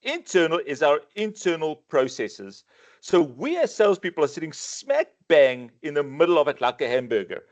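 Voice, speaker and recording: South african guy running a sales webinar, kinda high voice, really animated, says and and and a lot. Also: normal speed. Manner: animated, repeats words when starting sentences. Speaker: sales trainer. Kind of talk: webinar presentation.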